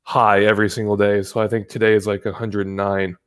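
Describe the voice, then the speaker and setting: A man's voice: lowish voice, little pitch movement, brisk, fairly bright tone, clean tone. A man from the United States, a guest on the show, talking in a rambling casual way, swearing freely and often restarting his sentences. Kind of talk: casual chat. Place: home in California.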